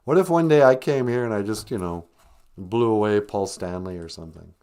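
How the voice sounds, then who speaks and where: A man's voice: on the low side, a little fast, darkish tone, smooth. A man hosting a live-stream comedy podcast, rambling sarcastically with lots of fillers. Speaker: podcast host.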